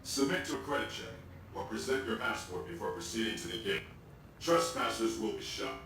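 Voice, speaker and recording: A man voicing an officious robot gate guard in a video game, with flat, formal announcements. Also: medium pitch, brisk, recorded from a distance, natural voice. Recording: echoey game audio with music.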